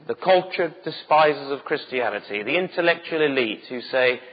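A man's voice: medium pitch, animated, moderate pace, few pauses, big-room sound, highs cut off. A man preaching a sermon with urgency and emphatic rhetorical questions. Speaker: pastor.

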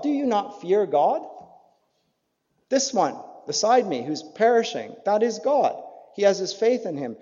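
Earnest male preacher in a reverberant hall. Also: warm tone. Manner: earnest, rising to emphatic peaks then dropping low. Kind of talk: sermon. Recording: dull lo-fi sound in a reverberant hall.

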